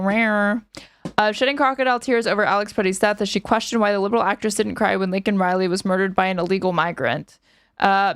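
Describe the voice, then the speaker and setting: A woman hosting a stream, reading news aloud and breaking in with sarcastic remarks. Her voice is smooth and resonant. The sound is dry and close, with little room around it. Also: medium pitch, no echo. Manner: sarcastic, reads articles aloud with asides. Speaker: streamer reacting to news clips. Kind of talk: casual commentary over clips.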